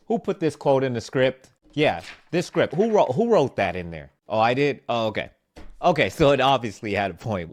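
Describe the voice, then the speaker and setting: A man presenting a scripted motivational vlog with self-help advice, animated and self-mocking, with playful asides. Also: mid-range voice, no echo, studio quality.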